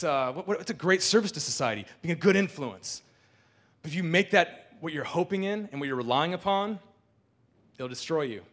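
A man in his thirties giving a candid personal talk to an audience, animated and full of restarts. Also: medium pitch.

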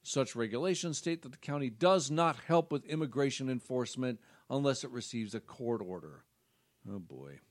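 A man's voice: medium pitch, animated, moderate pace. A man co-hosting a casual talk show, reading news items aloud with sarcastic asides. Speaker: co-host.

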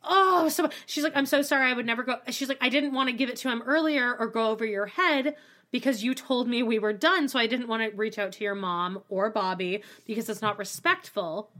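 A woman co-hosting a podcast in casual chat, animated and laughing often, acting out quotes in exaggerated voices and swearing freely. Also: on the high side, a little fast. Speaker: podcast co-host.

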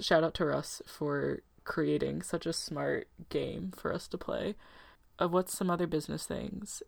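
Gravelly, giggly woman host. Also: fairly low pitch, darkish tone, no room sound. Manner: giggly, rambling. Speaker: podcast host. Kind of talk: casual chat.

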